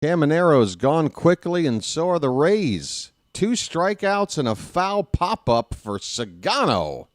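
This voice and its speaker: An American man giving casual live fan play-by-play of a baseball game, chatty and talking to himself, with excitable bursts. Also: on the high side, slow pace, few pauses, dry recording. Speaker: play-by-play commentator.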